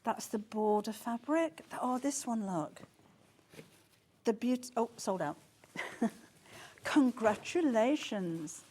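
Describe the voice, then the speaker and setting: Excitable woman presenting live sales. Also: on the high side, takes it slowly, long pauses, slight background noise. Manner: excitable, gasping and exclaiming over sales. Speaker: shopping channel presenter. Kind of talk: live TV selling. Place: TV studio.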